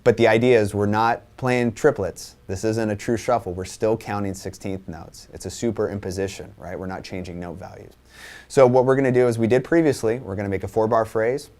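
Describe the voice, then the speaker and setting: In this instructional drum lesson, a man whose voice is on the low side, steady, brisk and a little mellow walks through accent patterns. He counts sixteenth notes out loud in a relaxed way, often restarting and tossing in "right?"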